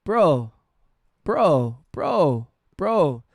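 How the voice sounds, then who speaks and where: A man streaming music production, chatting casually with his chat, halting and heartfelt, often restarting and swearing with lots of "bro" and "dude". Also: a little high, big pitch swings, gravelly, a little mellow, dry recording, studio quality. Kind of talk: casual livestream chat, reading chat messages.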